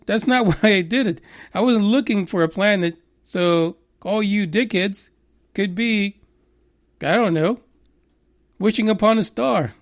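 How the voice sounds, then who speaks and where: A man voicing a smug, dismissive male scientist in a mocking, taunting way. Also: high voice.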